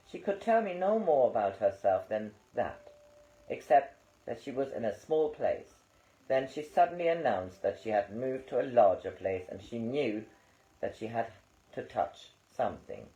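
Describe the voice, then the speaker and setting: A man reading an audiobook aloud in a calm, measured way. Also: mid-range voice. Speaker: audiobook reader. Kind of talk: audiobook narration. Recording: roomy, slightly dull recording.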